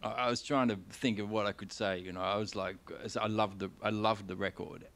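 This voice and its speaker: Rambling Australian man with a lowish voice. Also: steady tone, brisk, creaky, fairly bright tone. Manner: rambling, candid storytelling with many restarts and casual swearing. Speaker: guest author. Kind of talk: live on-stage conversation. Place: stage of a concert venue.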